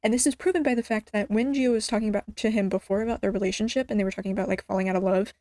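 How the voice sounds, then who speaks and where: A woman recapping a drama in a casual, excitable rant, rambling with lots of fillers and restarts. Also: mid-range voice, rapid-fire, no echo. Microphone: studio mic.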